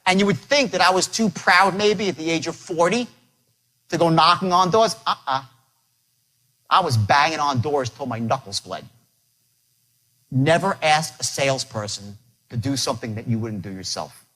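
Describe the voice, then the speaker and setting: A man lectures a live audience on selling and tells his stories with boastful swagger. His voice sits high and swoops all over the place. He punches out short, emphatic phrases. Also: animated, moderate pace, pauses often, bright, forceful tone, rough recording. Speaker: sales trainer giving a lecture.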